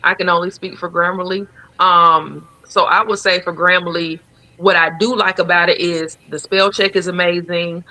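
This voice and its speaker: A man's voice: sits high, flat delivery, moderate pace, sharp tone, no echo, poor audio. A man speaking casually as a guest on a video call, with many fillers and easy laughter. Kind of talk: casual panel chat.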